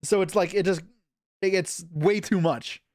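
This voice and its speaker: A man's voice: high voice, measured pace, a little mellow, no echo, clean studio sound. A young man from Canada chatting casually on a live stream, rambling and self-deprecating as he reacts to chat.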